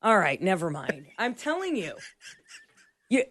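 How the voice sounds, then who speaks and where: A woman's voice: medium pitch, huge pitch swings, unhurried, fairly bright tone, dry recording. A woman co-hosting a radio show in casual chat, rambling and searching for words as she goes. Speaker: radio co-host. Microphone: studio microphone.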